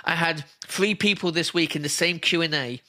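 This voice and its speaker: A man's voice: fairly high pitch, normal speed, sharp tone. A man telling personal stories as an interview guest, earnest and emphatic, often repeating himself for stress. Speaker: interview guest, spiritual healer. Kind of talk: emotional personal storytelling.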